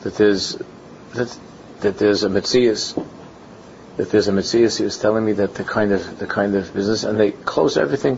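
Animated man teaching a Torah class. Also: vocal fry. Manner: animated storytelling, acts out dialogues in pitch jumps; Yiddish and Hebrew terms woven into speech. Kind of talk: Talmudic-style lecture with anecdotes. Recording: lo-fi recording with faint background noise.

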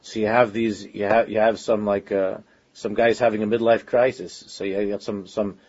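A man with a husky, somewhat low voice delivers an informal Torah lecture, speaking earnestly in a loose, conversational way. He often pauses and restarts his sentences as he works through his point. The recording sounds dull and lo-fi. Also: flat delivery, darkish tone. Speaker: religious teacher.

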